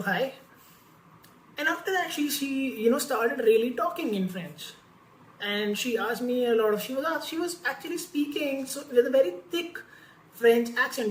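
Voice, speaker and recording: Lady vlogger chatting candidly, kinda high voice, lots of "like" and "you know", echoey room. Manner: candid, animated, many fillers and restarts. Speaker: French-learning vlogger. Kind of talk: casual personal storytelling to camera.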